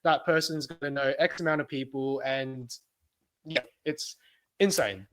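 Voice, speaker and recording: Australian male co-host, young, bright forward tone, animated and giggly storyteller. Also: medium pitch, measured pace. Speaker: podcast co-host. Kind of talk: casual chat.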